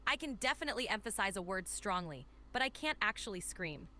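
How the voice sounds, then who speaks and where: A synthetic woman's voice plays an AI voice assistant, polite, upbeat and accommodating, answering requests with cheerful replies and stretched, shouted vowels. Her mid-range delivery is sing-song and brisk.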